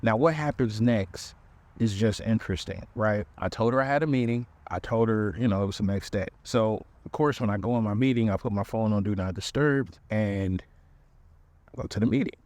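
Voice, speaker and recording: A male podcast host telling a comic dating story in an animated, conversational way, acting out the voices he quotes. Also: lowish voice, moderate pace, dry recording.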